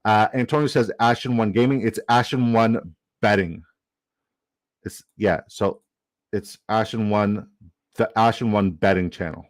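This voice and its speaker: Excitable young man streaming fantasy drafts. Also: lowish voice, measured pace. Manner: excitable, swears, reads chat aloud. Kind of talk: casual live-stream chat.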